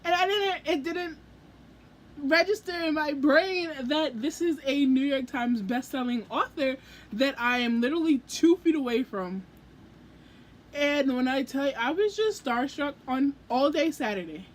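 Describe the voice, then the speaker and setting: A young adult woman telling a story in a casual book vlog, gushing and excitable, acting out her own reactions as she goes. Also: high voice, unhurried. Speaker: book vlogger.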